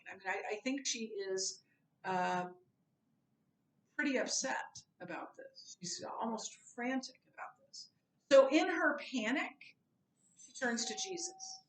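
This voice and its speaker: A woman's voice: on the high side, lively intonation, slow pace, pauses often, a little hiss or hum. Woman teaching Bible class, roomy distant sound. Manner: conversational and informal, with personal asides. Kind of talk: recorded Bible lesson.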